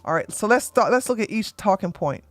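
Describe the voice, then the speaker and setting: A woman hosting an opinionated commentary show, talking bluntly and emphatically, often tagging points with "okay?" and getting loud when she acts out arguments. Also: mid-range voice, fairly quick, no room sound, soft background music. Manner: gets loud and animated when acting out arguments. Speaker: commentary channel host.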